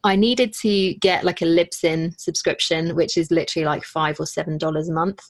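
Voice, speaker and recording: Woman, low-pitched, dry close sound, chatty self-deprecating interview talk. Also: fairly even intonation, a little fast, dry recording. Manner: chatty, self-deprecating, with frequent restarts and quoted asides. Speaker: podcaster and business owner. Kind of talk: casual interview chat.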